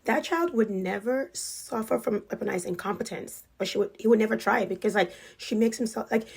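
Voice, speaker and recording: Woman, raspy and a bit gravelly, casual storyteller, filler-heavy delivery. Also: mid-range voice, brisk, darkish tone. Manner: chatty, leans heavily on "like" as a filler. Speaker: storyteller sharing experiences with a wealthy family.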